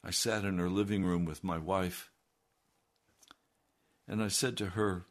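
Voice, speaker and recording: A man, a pastor delivering an earnest, deliberate broadcast sermon. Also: sits low, steady tone. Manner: earnest, deliberate preaching with rising emphasis.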